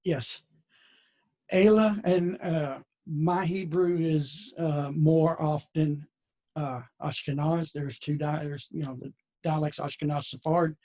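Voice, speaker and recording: A man's voice: a little high, steady tone, takes it slowly, darkish tone. A man leading a conversational Bible lesson, folksy and digressive with many restarts. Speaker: Bible teacher.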